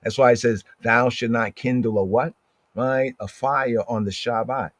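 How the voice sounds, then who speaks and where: A man's voice: mid-range voice, fairly even intonation, no echo. Man teaching scripture, dry close sound. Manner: conversational, keeps asking "right?", reads verses aloud slowly. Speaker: Bible teacher.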